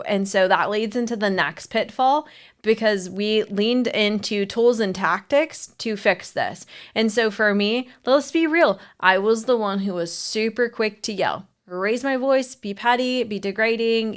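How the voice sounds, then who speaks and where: A woman's voice: mid-range voice, a little slow, smooth. A woman marriage coach talking candidly and telling a story with animation in a casual podcast chat.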